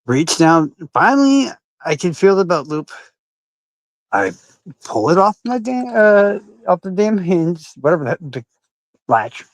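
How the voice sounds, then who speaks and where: A man telling a personal story casually, animated and full of swearing and fillers. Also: fairly high pitch, dry recording, rough recording. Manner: profane, animated, with frequent fillers. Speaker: podcast storyteller.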